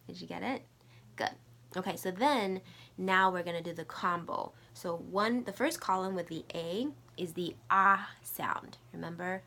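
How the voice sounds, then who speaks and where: A woman's voice: lowish voice, normal speed, a bit bright. A middle-aged woman teaching Mandarin, patiently repeating sounds and tones for learners to copy. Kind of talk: slow, patient language lesson with drills.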